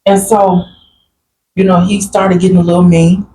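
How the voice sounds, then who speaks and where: Woman guest, plain-spoken and earnest, recounting family memories; deep voice with faint hiss behind. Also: little pitch movement, normal speed, mellow, rough recording. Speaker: guest sharing a grief story. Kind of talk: personal storytelling in a group conversation.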